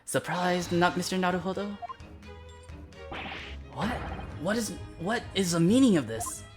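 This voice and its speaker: A woman doing a theatrical posh British gentleman detective. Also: on the low side, animated, a little slow, pitched above the performer's own voice. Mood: mocking. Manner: theatrical, grandly playful. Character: flamboyant eccentric British male detective. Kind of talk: live game dialogue reading. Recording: voice over loud game music.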